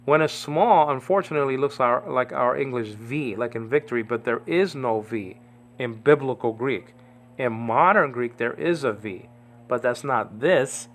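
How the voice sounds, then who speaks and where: A man's voice: medium pitch, normal speed, a bit bright. Rambling man teaching Greek letters. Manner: rambling, repeats "okay?" and "you understand what I mean?". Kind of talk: informal Bible Greek lesson.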